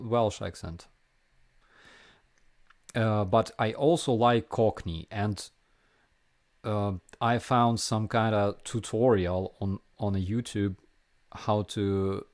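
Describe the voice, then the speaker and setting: Slow, low-voiced Ukrainian man chatting. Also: steady tone, a little mellow. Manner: halting, many fillers and restarts, reads chat aloud. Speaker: live stream host answering viewer questions. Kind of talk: casual live Q&A chat.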